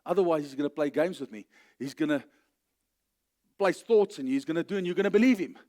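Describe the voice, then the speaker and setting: A middle-aged man with a South African accent preaching a sermon in church, swinging from loud declarations down to quiet asides. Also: animated, fast. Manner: emphatic, rising to loud declarations then dropping low. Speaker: pastor.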